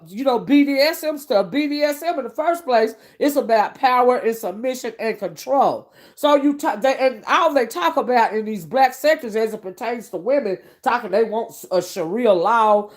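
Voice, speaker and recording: Blunt woman ranting on a livestream. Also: on the high side. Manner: blunt, preachy, repeats "okay?". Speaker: online commentator. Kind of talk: late-night livestream rant.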